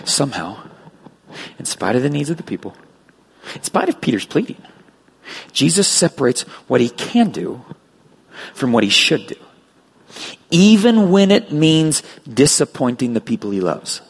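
A middle-aged man preaching a sermon as pastor, lively and dramatic, with a gravelly, husky voice. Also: medium pitch, normal speed, long pauses. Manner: animated preaching with acted voices of children.

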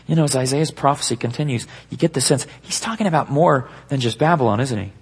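Male preacher, gravelly voice, husky tone, emphatic sermon delivery, slow dramatic phrasing. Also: mid-range voice. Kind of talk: sermon to a live congregation.

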